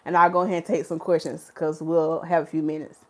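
A woman, a hair stylist hosting a casual live stream and talking to her chat in an animated, preachy way. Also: low-pitched, quick pace. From North Carolina, USA.

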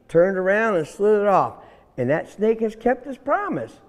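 A man's voice: high voice, sing-song, a little slow, big-room sound. A man telling a folk tale aloud who speaks animatedly and talks to his listeners directly. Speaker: storyteller.

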